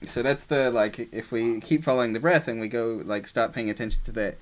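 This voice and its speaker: A man leading a group meditation discussion, talking in a relaxed, casual way with playful asides. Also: mid-range voice, a little fast, slight background noise.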